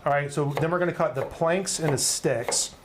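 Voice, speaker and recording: A man's voice: a little high, moderate pace, noisy background. A middle-aged man, host of a live cook-along, talking through his recipe in an upbeat, chatty way and often asking "right?". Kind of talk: live cooking demonstration.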